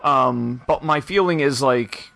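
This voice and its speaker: A man's voice: mid-range voice, takes it slowly, gravelly, pushed and bright. A man co-hosting a podcast in casual chat, rambling with hesitant fillers and frequent laughs. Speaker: podcast co-host.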